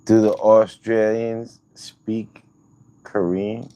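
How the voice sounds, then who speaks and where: A man's voice: on the low side, flat delivery, extremely slow, dark tone, no room sound. A man hosting a livestream, chatting casually with viewers in loose, profane, rambling banter. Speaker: livestream host.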